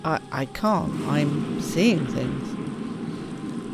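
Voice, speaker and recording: With a low voice, lively intonation and a measured pace, this gaming streamer casually comments on her let's-play, reading the on-screen text aloud and joking at her own expense. The clip is very noisy, her voice laid over clear game music.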